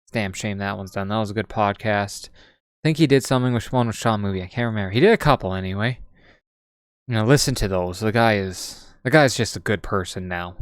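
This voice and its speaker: A man in casual commentary mode, talking in a rambling, excitable way, cursing now and then and laughing often. His voice sits on the low side and sounds smooth and clear. The recording is close and dry. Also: a little fast, no echo. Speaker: wrestling show host. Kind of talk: casual post-show commentary.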